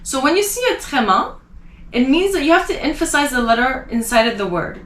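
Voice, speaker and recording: Bright-voiced woman teaching French sounds. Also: high-pitched, big pitch swings. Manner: slow, careful pronunciation drills. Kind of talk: online language lesson. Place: Los Angeles. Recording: echoey room.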